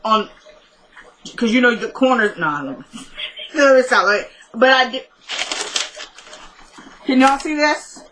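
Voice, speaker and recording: A woman's voice: a little high, animated, unhurried, pauses often, a bit bright, rough recording. A woman casually recapping a TV episode at home, rambling and correcting herself as she talks. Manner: chatty, rambling, with self-corrections.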